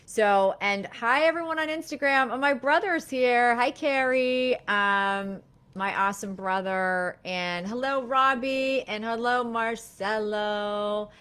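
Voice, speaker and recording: A middle-aged woman therapist hosting a live-streamed talk, speaking gently and reflectively, with many fillers and restarts. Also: a little high, measured pace, smooth. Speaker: therapist and live show host.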